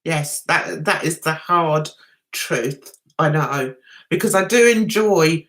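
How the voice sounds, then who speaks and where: A woman's voice: low voice, slow, a bit bright. A woman with a London accent touched by Essex, hosting a casual live chat and talking to viewers in a chatty, sarcastic, teasing way. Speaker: livestream host.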